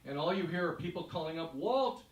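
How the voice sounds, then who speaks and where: A man performing a live story in second person, narrating in a vivid, measured way to an audience. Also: a little high, steady tone. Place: stage in a hall. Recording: echoey room, voice from far off.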